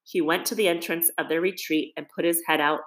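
A woman narrating a classic storybook as an audiobook reader, in a measured, gentle reading voice. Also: on the low side, fairly even intonation.

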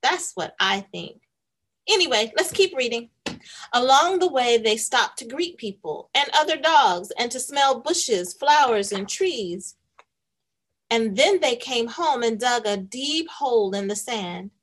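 Female host, children's read-aloud, lively storytelling, slightly high voice. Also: a little slow. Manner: animated, warm teacherly storytelling.

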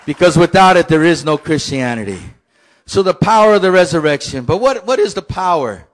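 A man, a pastor, preaching a lively sermon with shouted call-and-response. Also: fairly high pitch, a little fast, rough recording.

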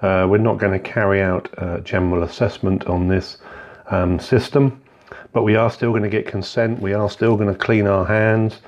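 Low flat-voiced man teaching a clinical exam. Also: normal speed. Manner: methodical, instructive, with frequent fillers. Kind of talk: spoken medical teaching walkthrough. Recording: dull, slightly lo-fi sound.

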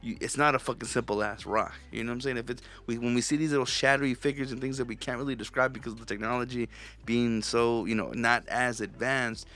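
A man's voice: mid-range voice, steady tone, fast, a bit bright. A man hosting his own podcast, talking alone in a loose, rambling rant full of swearing and restarts. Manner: profane, ranting, rambling; loose and conversational, frequent restarts. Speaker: podcast host. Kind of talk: solo podcast monologue.

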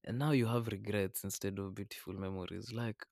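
A man's voice: on the low side, steady tone, fairly quick, gravelly, a little mellow, no room sound, studio quality. A man hosting a podcast, talking earnestly and a little preachily, often calling the listener man or brother. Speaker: podcast host. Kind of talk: reflective podcast monologue. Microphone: podcast microphone.

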